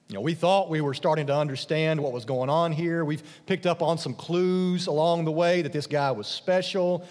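A man preaching a sermon as a pastor, expressive, dropping soft and low for emphasis and rising for questions. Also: normal speed, few pauses. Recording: long hall reverb.

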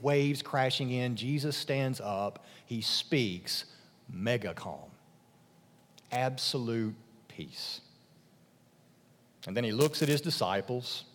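Man preaching in a reverberant hall. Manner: expressive preaching, dropping soft and low for emphasis, rising for questions. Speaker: pastor. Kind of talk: sermon.

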